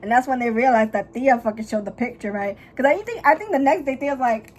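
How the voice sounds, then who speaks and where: Profane gossipy young woman, slightly high voice. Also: fast, a little hiss or hum, low-quality recording. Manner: profane, gossipy, dramatic storytelling; bursts into loud high laughter. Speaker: vlogger. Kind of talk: casual chat while doing makeup.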